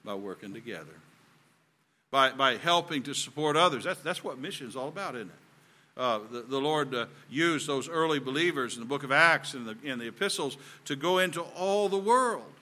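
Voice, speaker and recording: A man with a Southern US accent delivers a sermon, earnest and folksy, pressing his points harder as he goes. His voice is bright and forceful and sits at a middle pitch. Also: animated, normal speed. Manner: earnest, folksy preaching that builds in emphasis. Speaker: preacher.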